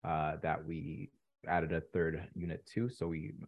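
A young man in his twenties from Canada, a guest telling his story in a relaxed interview with many ums. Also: very deep voice, unhurried, lo-fi sound. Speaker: podcast guest, real estate investor. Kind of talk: casual interview chat.

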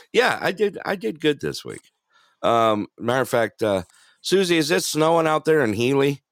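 A man's voice: on the high side, very animated, moderate pace, dry recording, clean studio sound. A man hosting a casual talk show, upbeat, greeting callers and laughing often. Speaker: host. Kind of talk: casual talk radio chat.

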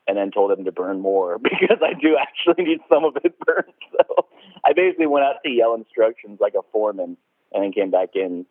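A man's voice: on the low side, lively intonation, brisk, no echo. A man telling stories in casual chat, laid-back, swearing a lot and laughing as he talks. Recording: tinny phone-like line.

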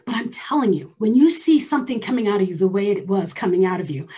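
Husky woman telling a personal story. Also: medium pitch, expressive, fast talker. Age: 40s. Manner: emphatic, drops to a hushed near-whisper for stress.

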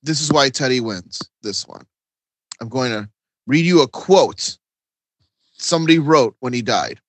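A man's voice: mid-range voice, animated, measured pace, no room sound. A man on a comedy podcast panel, earnestly building a dramatic case for his pick. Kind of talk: casual comedic banter.

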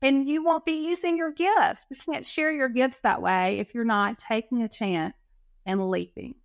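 A woman telling stories as a podcast guest in casual talk, animated and acting out quoted dialogue. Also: high-pitched, normal speed, gravelly, no echo, studio quality. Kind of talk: casual storytelling interview.

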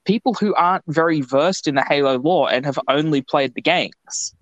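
An Australian man co-hosts a podcast, telling stories in a rambling, animated way during casual chat. His voice sits on the high side and moves at normal speed. The podcast audio is dull and lo-fi, with no echo.

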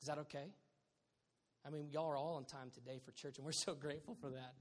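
Guy pastor preaching, kinda high voice, jokey and animated, long echo from a big church hall. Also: fast talker. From Southern California. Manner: animated, joking preacher with sudden loud bursts. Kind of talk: sermon. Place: church sanctuary.

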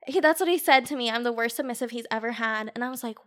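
Woman podcast guest, bright and a touch high, chatty storyteller with lots of "like". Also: fast talker, hardly any pauses. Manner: chatty storyteller, frequent "like" fillers, laughs easily. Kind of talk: casual podcast chat.

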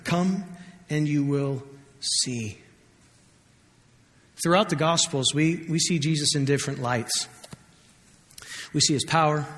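A man's voice: fairly high pitch, a bit bright. A man preaching a sermon as pastor, conversational and joking, acting out scripture quotes. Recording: long hall reverb.

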